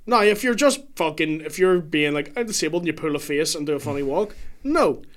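Young northern irish guy, fairly high voice, blunt and sweary, arguing on a podcast. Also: animated, a little fast. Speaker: podcast guest. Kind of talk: casual banter.

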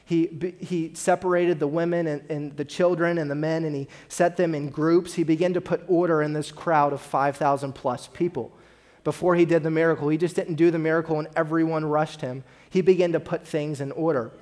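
A man's voice: a little high, fairly even intonation, a little fast, a little mellow. A man preaching a sermon as pastor, earnest and addressing the congregation with direct questions. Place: church.

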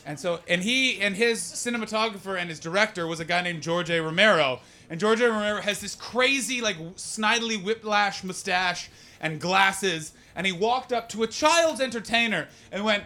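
An American man doing stand-up with crowd work, brash and profane, switching between muttered asides and loud rants in a comedy club. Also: sits high, normal speed.

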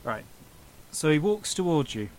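A man's voice: fairly high pitch, very animated, unhurried, a little mellow, slight background noise, rough recording. A man narrating an improvised comedy story for a friend, often laughing at his own silliness. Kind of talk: improvised comedy podcast chat.

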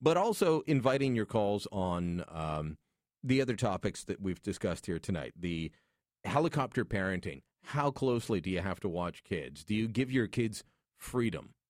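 A man's voice: on the low side, sing-song, moderate pace, dry recording. A man hosting a call-in radio show, joking and opinionated as he talks into a studio microphone. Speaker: radio talk show host.

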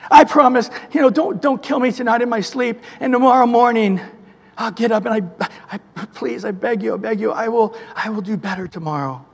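Preacher putting on a frantic man begging for mercy: high, pleading, repetitive, in a reverberant hall. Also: a little fast, creaky, husky, full character voice. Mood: desperate pleading. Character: frantic adult man begging God for forgiveness. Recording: echoey hall with long reverb.

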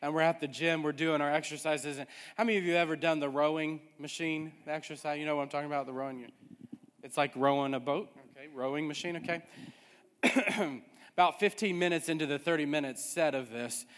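A man's voice: on the high side, fairly even intonation, a little fast, a bit bright. A male pastor preaching a sermon, emphatic, repeating his refrains. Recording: hall with long reverb.

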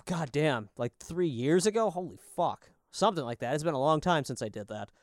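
A man's voice: a little high, expressive, a little fast, dry recording, clean studio sound. A man co-hosting a podcast in casual chat, rambling and swearing often as he tells stories. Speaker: podcast co-host. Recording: lo-fi podcast audio.

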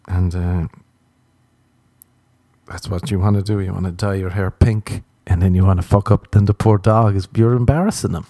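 A man's voice: sits low, fairly even intonation, moderate pace, warm tone, dry recording, studio quality. A man with an Irish accent telling a rambling, profane comic story in a wry, meandering way.

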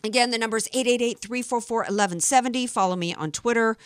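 A woman's voice: on the high side, quick pace, clear, resonant tone, no room sound, clean studio sound. A woman hosting a political talk radio show, chatty and opinionated. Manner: opinionated, chatty, reads statements aloud.

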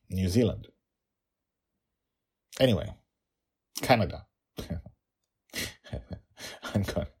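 Deep-voiced man, excited and lively. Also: vocal fry, slightly rough. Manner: enthusiastic, repeats words for emphasis. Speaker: podcast host and storyteller. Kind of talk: excited podcast chat and story narration.

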